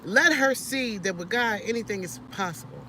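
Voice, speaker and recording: Animated woman preaching encouragement. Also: mid-range voice, moderate pace, slight background noise. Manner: animated, repetitive restarts, sermon-like. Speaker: vlogger. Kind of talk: casual preachy encouragement vlog.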